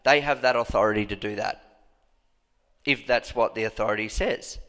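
A man delivers a fervent sermon in a church hall. His voice jumps into high, emphatic outbursts, and a long reverb trails after each phrase. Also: moderate pace, fairly bright tone. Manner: passionate, bursts into high emphatic cries. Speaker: pastor.

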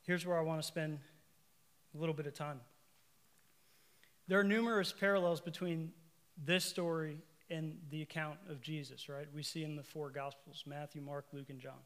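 Man preaching with a higher voice. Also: fairly even intonation, moderate pace, a bit bright. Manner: conversational preaching, rising to emphatic repeated lines; asides to the congregation and self-corrections. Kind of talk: sermon.

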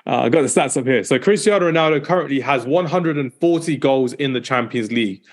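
A man hosting a casual football chat, rambling and often repeating himself. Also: medium pitch. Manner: fast, rambling, repeats "as well". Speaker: podcast host.

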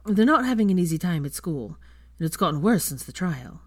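A woman voicing a patient father who speaks firmly and measured to children. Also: on the low side, big pitch swings, a little mellow, no echo, studio quality. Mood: weary. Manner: firm and measured. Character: patient firm young dad, man.

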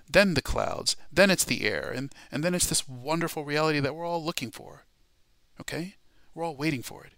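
A man preaching through a Bible lesson with a gravelly, forceful voice. He rises to loud, emphatic declarations and keeps checking in with his listeners. The sound is dry and close. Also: medium pitch, dry recording. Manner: emphatic, building to loud proclamations, frequent "all right?" and "okay?" check-ins. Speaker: Bible study teacher. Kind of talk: sermon-style Bible teaching.

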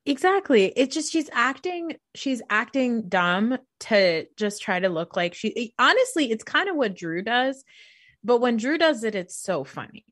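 A woman's voice: a little high, unhurried, no echo, clean studio sound. Chatty woman recapping reality TV. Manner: chatty, animated, acts out quotes, laughs often. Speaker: podcast co-host. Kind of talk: casual reality TV recap chat.

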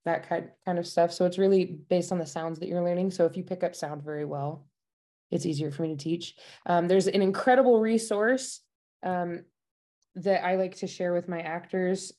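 A woman working as a dialect coach, chatting casually in an interview, bubbly and quick to laugh. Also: lowish voice, dark tone. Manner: bubbly, laughs often, enthusiastic about food. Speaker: dialect coach at a themed park. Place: Utah.

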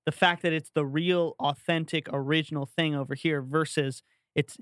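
A man co-hosting a podcast, chatting casually and telling an animated story with playful asides. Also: fairly high pitch, moderate pace, no echo, studio quality. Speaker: podcast co-host. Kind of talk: casual chat.

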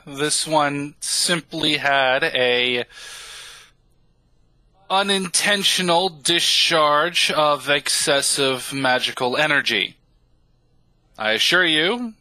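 A man voicing a calm, polite male robot monk who calls himself "this one" and speaks slowly and formally. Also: a little high, no echo, full character voice. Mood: reassuring. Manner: speaks of itself as "this one", slow and measured.

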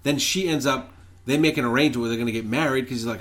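A man co-hosting a podcast, recapping film stories in relaxed chat with mild swearing. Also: medium pitch, racing. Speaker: podcast co-host. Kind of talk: casual chat.

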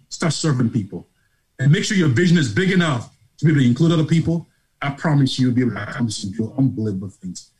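A middle-aged man with a Nigerian accent, a charity founder telling his story as an interview guest in a passionate, preacher-like way that swings from hushed to loud. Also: fairly high pitch, rough recording. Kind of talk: emotional motivational storytelling.

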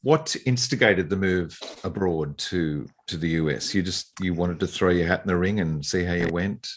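A man's voice: sits low, normal speed, slight background noise. A man interviewing a guest who affirms the guest's points and leads with prompts. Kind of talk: interview questions.

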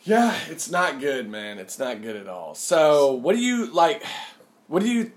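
A young man hosting a casual podcast chat, animated and acting out quotes loudly. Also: fairly high pitch, unhurried. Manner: animated, acts out quotes in raised shouting voice. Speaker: podcast host.

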